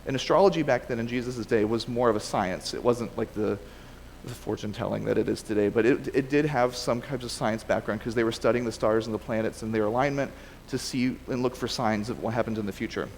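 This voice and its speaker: A man gives a relaxed, conversational sermon in a church sanctuary at a middle pitch. He often restarts his sentences and corrects himself as he goes. His voice carries a long hall reverb over faint background noise. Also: fairly quick, vocal fry. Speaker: preacher. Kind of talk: casual sermon with scripture reading.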